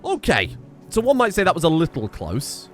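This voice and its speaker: A man giving casual gameplay commentary, excitable and often laughing, talking to the characters on screen. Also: fairly high pitch, moderate pace, soft background music. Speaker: gaming video creator.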